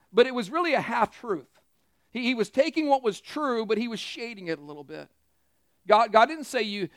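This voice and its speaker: A man's voice: high-pitched, dry recording, clean studio sound. A man preaching a sermon in a conversational way, acting out the quoted lines from the story. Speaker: pastor.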